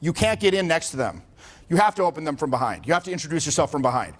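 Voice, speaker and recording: This man, a social skills coach in his forties, talks fast in a slightly high, sing-song voice during a seminar. He jokes around casually, curses often, and acts out the things people say.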